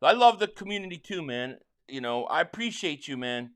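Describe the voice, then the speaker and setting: A man from Philadelphia hosting a live football watch-along, excitably calling plays and reading viewer chats, stammering on restarts. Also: a little high, normal speed, clean tone. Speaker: livestream host and fan.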